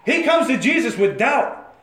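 A male preacher with a high, ringing voice delivers an impassioned sermon. He swings from loud bursts down to hushed, intimate lines and calls on his listeners by name. The sound is roomy and echoey. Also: very animated, moderate pace. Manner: impassioned, swings between shouting and near-whispering.

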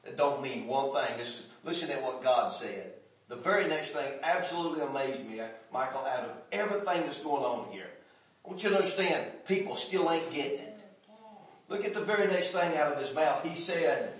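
A man's voice: mid-range voice, normal speed. Guy preaching, folksy talk, church mic way off, big echo. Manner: folksy, dialect grammar, builds from hush to shouting. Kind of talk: sermon. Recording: echoey hall from far off.

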